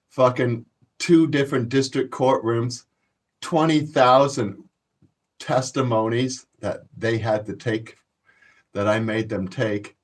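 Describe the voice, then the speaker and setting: A man, telling boastful, profane stories to his viewers in a casual rant. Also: medium pitch. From Canada. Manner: profane, boastful storytelling, laughs a lot. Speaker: channel host.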